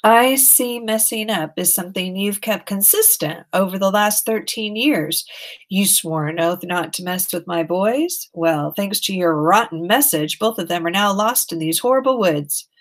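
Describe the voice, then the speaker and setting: A woman's voice: mid-range voice, expressive, moderate pace, close to an everyday voice. A woman reading an audiobook, voicing a fierce, worried mother who talks curtly and bitingly. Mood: bitter. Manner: curt, biting.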